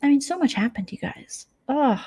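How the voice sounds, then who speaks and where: A woman's voice: high voice, expressive, moderate pace, warm tone. A woman vlogger in a late-night casual chat, gossiping sarcastically about internet drama and sometimes dropping to a whisper. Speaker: vlogger host. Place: at home at night.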